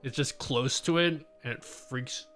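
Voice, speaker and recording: A young Australian man hosts a casual livestream with faint music behind him, rambling to viewers with lots of fillers, restarts and self-interruptions. His mid-range voice is fairly bright, and he takes his time.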